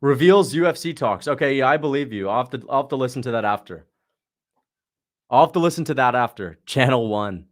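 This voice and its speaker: A man with a mid-range, animated voice talks fairly quickly while hosting a casual watch-along livestream. He chats in slangy language and fields questions from viewers.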